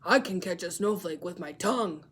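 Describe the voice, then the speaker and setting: A woman's voice: fairly low pitch, lively intonation, moderate pace, fairly bright tone, breathy edge. A woman voicing a small worried baby seal in a storybook reading, slightly raised and plaintive. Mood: childlike.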